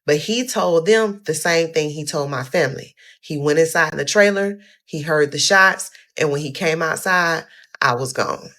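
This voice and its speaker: A young woman telling her own story casually, animated and talking straight to her viewers. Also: moderate pace. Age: young adult. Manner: animated, addresses viewers as y'all, quotes people in a higher voice.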